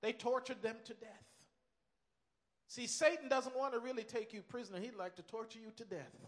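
A man's voice: very high-pitched, brisk, big-room sound. A man preaching a sermon with emphasis. He repeats key phrases and acts out the voices he quotes.

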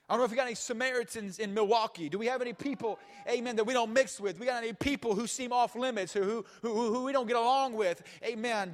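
A man's voice: very high voice, long reverb tail. A man preaching a sermon in a fervent, conversational way, calling out amens. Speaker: pastor.

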